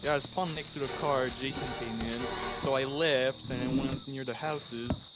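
Casual male gamer over loud game music. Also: mid-range voice, fairly even intonation, normal speed. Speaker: gaming teammate. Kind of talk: casual multiplayer game chat.

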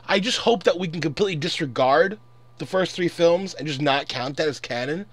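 A man's voice: fairly high pitch, fairly quick. A man in his twenties ranting angrily and profanely in a casual commentary. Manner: angry, profane, exasperated. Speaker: vlogger.

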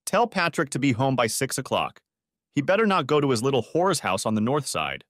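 A man voicing a furious, shrill woman who yells and curses, in a storybook reading. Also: big pitch swings, brisk, no echo, studio quality. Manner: yelling, cursing, shrill.

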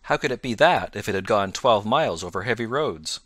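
A cool, incisive detective, read by a man in a storybook recording, speaking in measured, precise sentences. His voice sits fairly low with a bright, forceful edge, and the recording is close and dry. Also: expressive, dry recording. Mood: confident. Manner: measured, precise, self-assured. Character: Sherlock Holmes, calm incisive male detective.

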